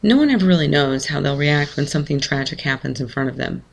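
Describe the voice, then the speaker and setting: A man calmly reading a first-person short story aloud in a measured way. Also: a little high, vocal fry. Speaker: narrator.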